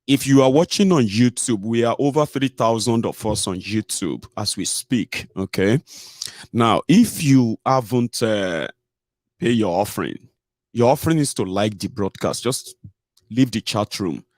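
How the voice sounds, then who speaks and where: A man's voice: lowish voice, expressive, a little slow, a little mellow, no echo, clean studio sound. Chatty Nigerian man hosting a livestream. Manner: chatty, mixes in pidgin, frequent "eh" and "omo". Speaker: host. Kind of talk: casual livestream commentary.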